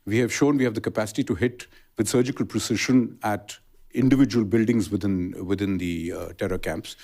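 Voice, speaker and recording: Official guy on tv interview, lowish voice, slow careful answers with lots of uhs. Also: steady tone, a little mellow. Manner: measured, halting, deliberate.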